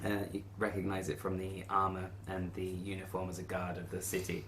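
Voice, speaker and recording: A man runs a tabletop game as its game master, describing the scene in a low, relaxed voice. He pauses often and talks it through easily. A faint hiss sits behind him. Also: roomy sound. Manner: relaxed, chuckling, hesitant.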